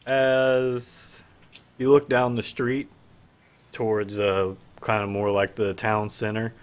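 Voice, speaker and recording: A man's voice: fairly low pitch, level tone, slow, smooth. A man narrating a tabletop game as game master, in a casual manner with filler words. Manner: casual, stops to fix his screen while talking.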